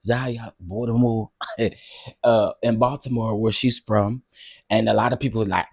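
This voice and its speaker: A man hosting a casual livestream, talking to his chat in an animated way and laughing often. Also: on the low side, unhurried, creaky, husky, dry recording, clean studio sound. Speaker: livestream host.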